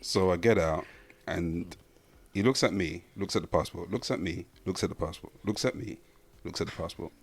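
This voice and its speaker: Deep-voiced man telling a dry story. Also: normal speed, vocal fry, slightly rough. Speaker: podcast co-host. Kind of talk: casual chat.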